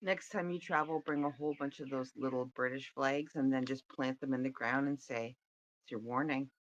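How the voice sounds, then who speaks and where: A woman's voice: rumbling low, fairly even intonation, brisk, highs cut off. A woman in a casual group chat, teasing and joking.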